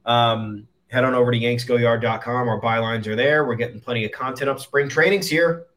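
A man's voice: mid-range voice, fairly even intonation, fairly quick, fairly bright tone. A man co-hosting a casual sports podcast who sounds easygoing and mock-annoyed. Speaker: podcast co-host.

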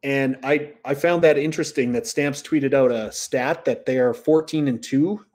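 A man's voice: medium pitch, moderate pace, darkish tone. A man co-hosting a casual sports chat, agreeable and rambling, with frequent fillers. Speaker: co-host.

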